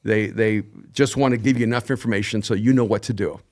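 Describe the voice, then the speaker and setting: A man in his sixties, a podcast guest speaking in a thoughtful, measured, reflective way. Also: lowish voice, steady tone. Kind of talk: reflective conversation.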